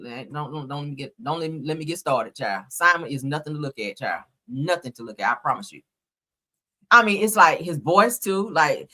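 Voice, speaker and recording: Brief: woman in her thirties, gossip host, bright lively voice, blunt and profane, quick to laugh. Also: low voice. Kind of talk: casual gossip commentary.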